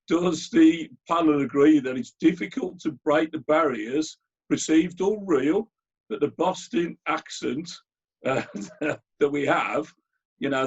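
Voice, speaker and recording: A man's voice: on the high side, husky. A middle-aged man hosting a conversational interview, often hesitant and restarting his sentences. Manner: hesitant, with many fillers and restarts. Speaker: host and interviewer. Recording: dull, lo-fi sound.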